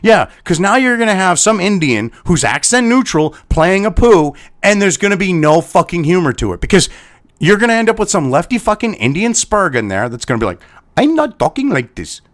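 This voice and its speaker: A man's voice: high-pitched, very animated, fairly quick, fairly bright tone. A man delivering an angry, profane commentary rant, exasperated and swearing constantly. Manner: swearing heavily, exasperated, sighing. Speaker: commentary host.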